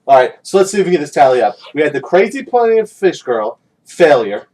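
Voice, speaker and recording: Male podcast host, raised pitch, animated delivery, keeps recapping the guest's story. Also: quick pace. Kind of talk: casual chat.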